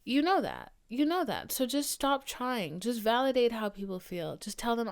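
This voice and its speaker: Hosting a casual solo podcast, a woman in her twenties rants bluntly and with exasperation, at times whispering and swearing. Her voice sits a little high and sing-song, moving at normal speed with few pauses.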